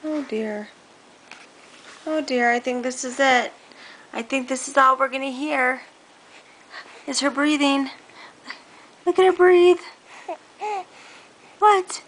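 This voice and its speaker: A woman's voice: sits high, fairly even intonation, a little slow, long pauses, sharp tone. A woman coaxing her baby in a home video, with sing-song baby talk. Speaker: mother talking to her baby.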